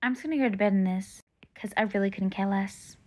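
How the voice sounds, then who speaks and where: A woman's voice: medium pitch, fast, a little mellow, lightly acted. A woman voicing a bratty teenage older sister in a toy-game role-play. The sister sounds sulky and sarcastic. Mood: scheming. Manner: sulky, sarcastic and eye-rolling.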